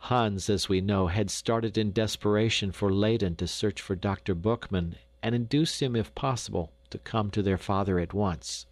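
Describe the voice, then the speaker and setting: A man reading a classic children's novel aloud as audiobook narrator, with expressive storytelling delivery on a close studio mic. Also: lowish voice, moderate pace, few pauses, dry recording.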